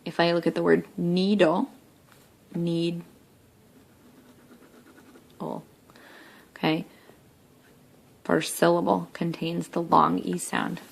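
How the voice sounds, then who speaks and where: A young woman teacher talking through a recorded spelling lesson, saying words slowly and clearly one at a time. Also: fairly low pitch, flat delivery. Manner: slow, clear word-by-word demonstration.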